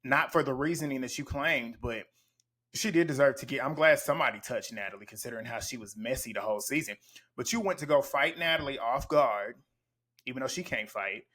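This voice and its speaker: A man's voice: mid-range voice, a little fast, fairly bright tone, slightly rough. A man giving blunt, profane play-by-play commentary as he recaps a reality TV show. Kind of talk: casual reaction commentary.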